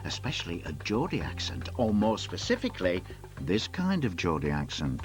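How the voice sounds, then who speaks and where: A man's voice: low voice, huge pitch swings, normal speed. Wry male documentary narrator. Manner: wry, dryly humorous. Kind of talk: scripted narration. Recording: music bed under narration.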